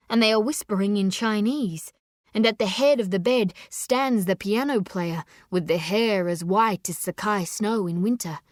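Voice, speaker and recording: A woman narrating a story in a measured, expressive audiobook reading. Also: mid-range voice, dry recording, clean studio sound.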